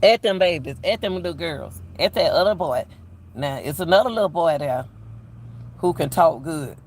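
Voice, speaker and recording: A man's voice: a little high, animated, normal speed, a little hiss or hum. An older man giving casual, emphatic commentary as a channel host, often repeating himself. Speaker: YouTube commentator.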